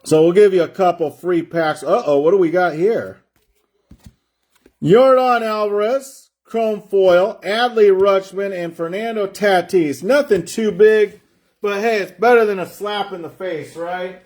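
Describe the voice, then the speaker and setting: Man, higher-pitched voice, card break host, live stream chatter, rambling, drawn-out name calls. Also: a little mellow. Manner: chatty, rambling, drawls out player names while opening packs.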